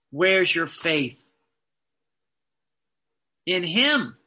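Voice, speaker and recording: A man preaching a sermon in an earnest, emphatic way, slowing down to stress key phrases. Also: high-pitched, animated, pushed and bright.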